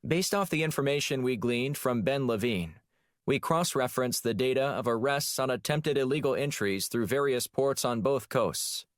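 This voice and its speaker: A man voices a crisp young female analyst giving a briefing, pitching above his own voice but staying close to an everyday one. His voice is mid-range at a moderate pace, in a dry recording with clean studio sound.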